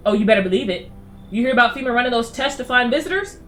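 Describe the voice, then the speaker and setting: A woman's voice: a little high, expressive, very fast, a bit bright. A woman voicing a wounded man who fled after being shot, scared, bitter and urgent. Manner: pained, urgent and conspiratorial.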